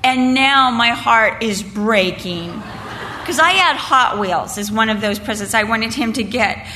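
An older woman with a slightly high voice speaks at a measured pace at a women's Christmas event, in a reverberant hall with faint background noise. She tells a family story with animation, acting out family members' voices, then shifts into earnest preaching.

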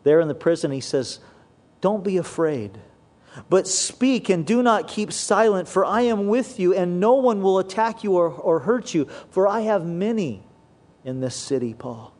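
Pastor, male, higher-pitched voice, earnest sermon delivery that slows and sinks when quoting scripture. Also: expressive, a little mellow.

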